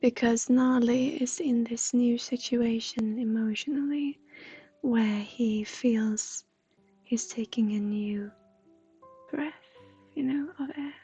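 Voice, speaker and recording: A woman giving a gentle, half-whispered livestream psychic reading. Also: fairly high pitch, fairly even intonation, slow, husky, faint music behind. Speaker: intuitive reader.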